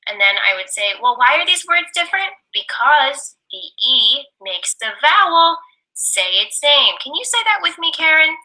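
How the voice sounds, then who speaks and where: Young woman teacher, bright, slightly high voice, slow deliberate phonics drills. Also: very animated, poor audio. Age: young adult. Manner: sounds words out slowly and repeats them for a student. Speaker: teacher demonstrating a reading lesson.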